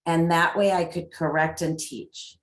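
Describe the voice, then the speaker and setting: Woman, middle-aged, parenting coach, upbeat, animated, echoey room. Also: low-pitched, measured pace. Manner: upbeat, animated with lots of acted examples. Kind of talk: parenting talk.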